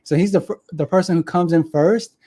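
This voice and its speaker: A man hosting an awards show, asking measured questions of the winner and his coach. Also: high voice, dark tone. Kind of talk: interview questions.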